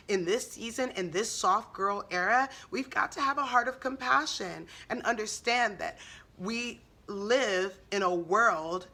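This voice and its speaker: A woman's voice: mid-range voice, bright, forceful tone. A woman giving an earnest Christian encouragement talk, preacherly, full of rhetorical questions. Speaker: Christian speaker.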